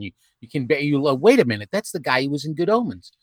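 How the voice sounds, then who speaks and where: Hosting a podcast over a video call, a man leads a casual group conversation, rambling and halting with many fillers and restarts as he asks questions. His fairly high voice is sing-song and a little mellow, recorded dry.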